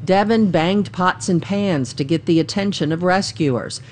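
A woman reporting a news story in a measured, even narration. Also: fairly low pitch.

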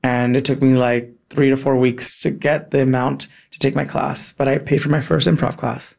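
A man from California telling a childhood story in a casual conversation, animated and full of "like", slipping in Spanish words and acting out the people in it. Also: medium pitch, moderate pace, gravelly. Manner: animated, acts out voices in his anecdotes, many "like" fillers; drops in Spanish words and phrases.

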